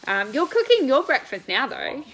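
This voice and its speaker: A high-pitched woman's voice swoops wildly in pitch and sounds fairly bright on a rough recording. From her coach seat she chats through a casual live stream, fielding viewer questions over breakfast with bubbly energy, quick laughter, and loose, meandering answers.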